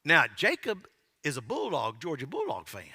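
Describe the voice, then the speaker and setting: A man preaches to his congregation in a folksy, joking way, his voice high and ringing sharp. His pitch swoops up and down as he tells the story. The sound carries the long reverb of a big church hall. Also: wildly swooping pitch, normal speed, breathy edge. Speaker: pastor. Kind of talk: sermon. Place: church sanctuary.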